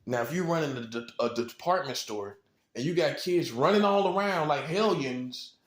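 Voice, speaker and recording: A man's voice: a little high, animated, moderate pace, roomy sound. Blunt, slangy man preaching. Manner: blunt, repetitive, slangy, chuckling. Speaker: self-styled prophet. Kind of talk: informal preaching monologue.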